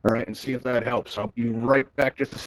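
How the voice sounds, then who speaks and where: Fast-talking chatty man hosting a VR class. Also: mid-range voice, fairly even intonation, dry recording, low-quality recording. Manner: chatty, upbeat, keeps asking "right?". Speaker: VR event host. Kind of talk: live virtual-reality tutorial talk. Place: virtual-reality social app, headset mic.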